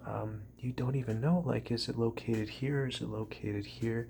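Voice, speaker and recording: A man rambling in a meandering, repetitive way for an ASMR video, often dropping into soft whispers. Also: medium pitch, fairly even intonation, moderate pace, creaky, slight background noise. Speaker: ASMR creator.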